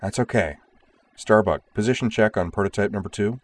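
Male reader as a brisk squad leader barking orders, raised and higher. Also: natural voice. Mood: commanding. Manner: crisp, commanding.

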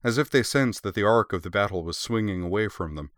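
A man reading a story aloud in steady, measured scripted narration. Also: lowish voice, dry recording. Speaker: audiobook narrator.

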